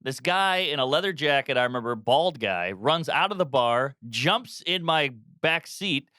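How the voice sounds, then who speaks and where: A man in his thirties, a comedian guest telling a wild story on a podcast, animated with sudden loud yelps. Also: fairly high pitch, unhurried, no room sound, studio quality. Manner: animated, bursts into loud yelps and put-on voices.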